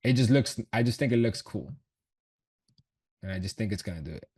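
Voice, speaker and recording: A man's voice: on the low side, lively intonation, brisk, a little mellow, breathy edge. A man talking through trades on a livestream, slangy and casual, swearing, laughing often and thinking aloud. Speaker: trader streaming his chart analysis. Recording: voice from a distant mic.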